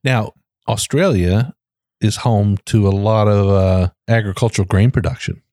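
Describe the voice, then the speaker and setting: A man's voice: lowish voice, unhurried, warm tone, dry recording, clean studio sound. A man co-hosting a podcast in an easygoing, conversational way. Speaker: podcast co-host. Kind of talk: casual chat.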